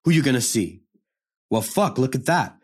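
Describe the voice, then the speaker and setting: A man's voice: medium pitch, very animated, moderate pace, slightly rough. A man playing a bitter young prisoner. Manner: profane, confrontational street talk. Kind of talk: dramatic monologue.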